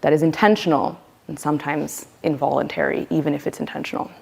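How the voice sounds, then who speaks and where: A woman teaching a voice workshop, lively and playful, acting out the voices she quotes. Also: sits low, quick pace, vocal fry, slightly rough. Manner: animated, acts out quoted voices. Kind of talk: workshop lecture.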